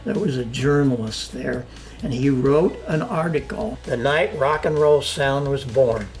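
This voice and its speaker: Older guy spinning tales in an interview, lively, faint music behind. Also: medium pitch, unhurried, creaky. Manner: animated storyteller, acts out quoted dialogue. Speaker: interviewee, sound engineer. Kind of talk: casual storytelling interview. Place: home studio.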